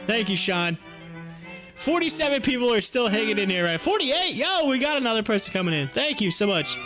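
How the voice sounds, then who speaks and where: A man's voice: extremely high pitch, very animated, brisk, bright, forceful tone, soft background music. A young man hosting a live stream from home, chatting casually, joking and laughing often while he waits. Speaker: livestream host.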